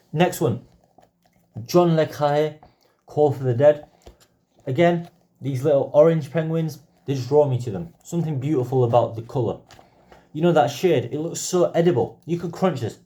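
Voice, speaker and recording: A young man reviewing a pile of books in a casual, chatty vlog, quick to go off on enthusiastic tangents. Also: mid-range voice, dark tone. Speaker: book vlogger. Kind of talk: casual book haul review.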